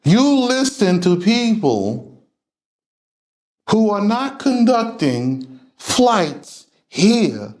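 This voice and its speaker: Confrontational male preacher, slow delivery. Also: sits high, a little mellow. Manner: emphatic, confrontational, lecturing. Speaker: religious class teacher. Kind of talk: preaching lecture to a class.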